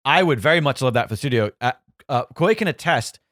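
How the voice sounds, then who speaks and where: A man's voice: mid-range voice, animated, fast talker, fairly bright tone, no echo. A man co-hosting a casual podcast from a small studio, rambling with lots of fillers as he reads listener mail. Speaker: podcast co-host. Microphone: studio mic.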